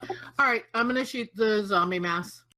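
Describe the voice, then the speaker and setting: A woman playing a tabletop game online, chatty and apologetic, quick to laugh at herself. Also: a little high, sharp tone, rough recording. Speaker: player. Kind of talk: casual tabletop game play.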